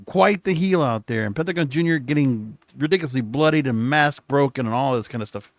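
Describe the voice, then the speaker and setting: A man's voice: mid-range voice, a little fast, no echo. A man hosting a solo podcast, recapping in a casual, rambling way with frequent self-corrections, recording late at night. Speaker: podcast host.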